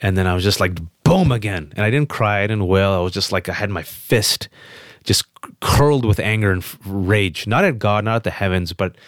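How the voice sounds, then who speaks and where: A man as an interview guest, telling a personal story with emphatic, quick restarts. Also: on the low side, no room sound, clean studio sound. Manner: emphatic, fast restarts, animated quotes. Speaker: guest on a podcast.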